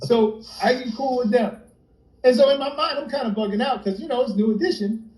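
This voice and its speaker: Animated New York man telling a story. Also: extremely high pitch, a little fast, echoey room, low-quality recording. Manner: animated storyteller acting out quoted friends. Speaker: interview guest, rapper and producer. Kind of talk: casual storytelling interview. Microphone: phone or computer on a livestream.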